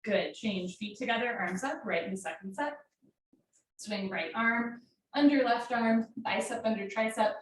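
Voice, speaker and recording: A woman teaching a live yoga class from home, calling out poses in steady, directive short commands. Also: a little high, a little slow. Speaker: yoga instructor. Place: home room. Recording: very echoey room, mic far off, faint noise.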